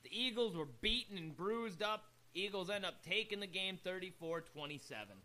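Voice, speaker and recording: A young man with a high, bright voice talks sports on a casual co-hosted show. He rambles, stumbles over repeated words and laughs easily between points. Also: expressive, moderate pace. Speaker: radio show co-host.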